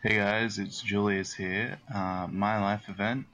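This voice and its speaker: A young Australian man leaves a short recorded voice message for a podcast. He sounds plain and a little hesitant, and his voice is on the low side. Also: steady tone, a little slow, bright, forceful tone. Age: young adult. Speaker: caller leaving a voice message.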